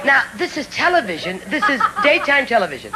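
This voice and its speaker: A woman's voice: high-pitched, sing-song, fairly quick, noisy background. A woman performing a live stand-up routine, brassy and teasing the crowd, with audience laughter behind her. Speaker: stand-up comedian. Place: comedy stage before an audience.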